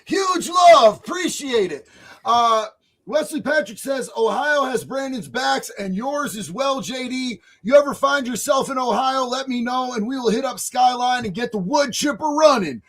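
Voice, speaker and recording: Loud excitable high-voiced man. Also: normal speed. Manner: loud, excitable, often shouting. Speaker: live stream host reading chat. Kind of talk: casual live stream chat.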